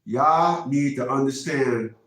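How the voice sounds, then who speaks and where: A man's voice: medium pitch, takes it slowly, a bit bright. A middle-aged man giving relationship advice in a casual, preachy monologue that repeats itself for emphasis. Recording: very echoey room, from far off.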